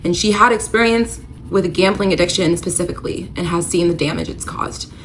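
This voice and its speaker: A woman's voice: lowish voice, fairly quick, fairly bright tone, a little hiss or hum. A woman recounting a painful personal story in a confessional vlog, candid and emotional, with lots of "like". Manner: emotional, candid, uses filler "like" often. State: tearful at moments. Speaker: storyteller recounting her marriage.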